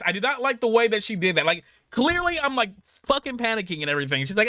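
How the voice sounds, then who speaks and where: A man streaming a game, reading its dialogue aloud and breaking off into excitable, profane reactions. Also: high-pitched, quick pace, hardly any pauses, dry recording, clean studio sound.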